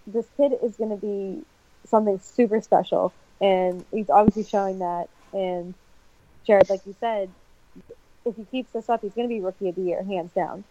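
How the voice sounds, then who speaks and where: A woman's voice: mid-range voice, fairly even intonation, moderate pace, warm tone, highs cut off, slight background noise. A woman co-hosting a casual baseball talk show, enthusiastic and emphatic. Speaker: sports podcast co-host.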